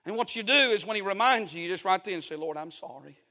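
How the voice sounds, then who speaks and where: A man's voice: sits high, animated, quick pace, sharp tone. A male pastor preaching a sermon in a folksy, emphatic way, repeating key phrases.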